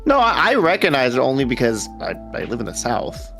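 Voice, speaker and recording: Gravelly man with lively, joking banter. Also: mid-range voice, fairly quick, faint music behind. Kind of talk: casual podcast chat.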